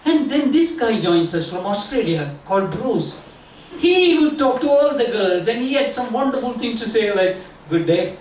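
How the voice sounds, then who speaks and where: A man's voice: extremely high pitch, very animated, normal speed. Older Sri man doing wry stand-up. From Sri Lanka. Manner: self-mocking, wry, building to punchlines. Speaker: comedian. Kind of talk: stand-up storytelling. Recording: roomy, distant mic, noisy venue.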